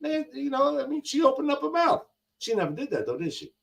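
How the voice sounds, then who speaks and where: Animated, heated older man. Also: very high voice, brisk, creaky. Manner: heated, emphatic, slangy, repeats lines for effect. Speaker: guest on a live gig-driver talk show. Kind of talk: casual live-stream chat.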